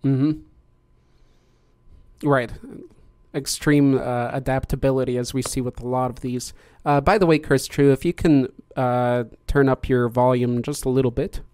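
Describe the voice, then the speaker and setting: A man hosting a casual live-streamed panel discussion, explaining in a measured way and pausing mid-thought. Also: mid-range voice, fairly even intonation, darkish tone, smooth, no echo, studio quality. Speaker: host.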